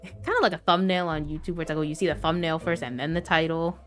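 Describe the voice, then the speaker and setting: A young adult woman chatting casually on a gaming livestream, rambling and animated, with frequent laughs and filler words. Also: low voice, fast talker, soft background music. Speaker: gaming streamer.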